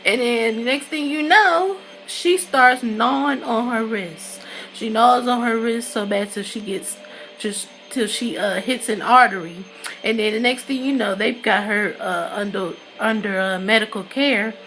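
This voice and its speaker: A woman's voice: a little high, a bit bright, a little hiss or hum. A woman recapping a TV episode in casual, rambling talk, full of "you know" and "uh", now and then acting out characters' lines. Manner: acts out characters' lines in quick asides. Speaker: TV episode reviewer.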